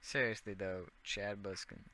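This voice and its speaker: A man's voice: on the low side, steady tone, a little slow, pushed and bright. A young man rambling and joking as a radio DJ in casual chat, often trailing off into mumbled asides.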